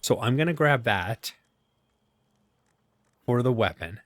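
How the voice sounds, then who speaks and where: A man's voice: medium pitch, animated, slow, no echo. A man casually commenting as he plays, thinking aloud and poking fun at himself. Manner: thinking aloud, self-deprecating, chuckles. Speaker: gaming channel host. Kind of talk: casual let's-play commentary. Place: home gaming setup.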